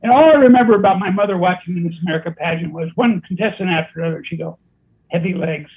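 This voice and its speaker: An older man, a comedy writer and guest, telling a lively anecdote and laughing at his own punchlines. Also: high-pitched, rapid-fire, husky. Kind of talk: casual storytelling. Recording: tinny phone-like line.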